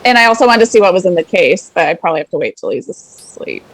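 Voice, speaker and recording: A woman's voice: fairly low pitch, sing-song, quick pace, slight background noise, rough recording. A woman playing a tabletop game, answering the game master in brief, eager replies. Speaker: player.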